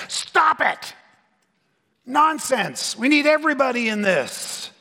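A man's voice: sits high, big pitch swings, a little slow, vocal fry, pushed and bright. A middle-aged man preaching a conference sermon with punchy, comic asides and mock voices. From Southern California. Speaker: pastor. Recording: long hall reverb.

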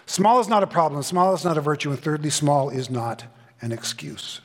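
Man, middle-aged pastor, high voice, punchy comic sermon, mocking voices, long hall reverb. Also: expressive, moderate pace. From Southern California. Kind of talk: conference sermon.

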